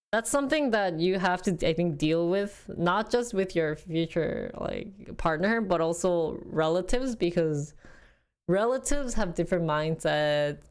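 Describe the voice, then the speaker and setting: Young woman rambling on stream, lowish voice getting hoarse, laughs a lot. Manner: chatty, rambling, laughs often, quotes family in lively bursts. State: losing her voice. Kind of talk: casual livestream chat.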